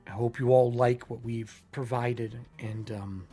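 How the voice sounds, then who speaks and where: A man narrating as game master of a tabletop game in a halting way. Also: medium pitch, fairly even intonation, warm tone, slightly rough, soft background music.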